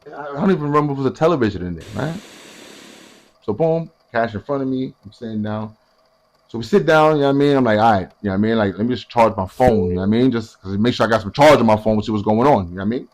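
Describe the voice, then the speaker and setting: Talking fast at a medium pitch, a young man tells a story casually, animated and profane, acting out what other people said.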